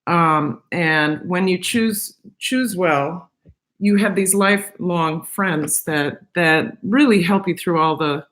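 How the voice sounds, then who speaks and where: A middle-aged woman hosting a casual live stream from home, chatting with viewers in a halting way, with many fillers and restarts. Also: fairly low pitch, fairly bright tone. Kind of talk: casual chat, reading viewer comments.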